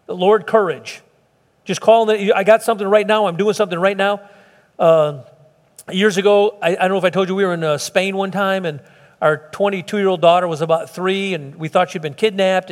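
High-voiced pastor preaching in a reverberant hall. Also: male voice. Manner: conversational, earnest, folksy with frequent restarts. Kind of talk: sermon.

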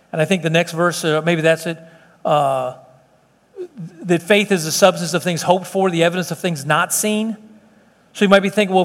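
A middle-aged pastor with a high voice preaches in a church meeting room, and the audio has a big-room sound. He keeps an earnest, conversational tone, often breaking off to restart his sentences.

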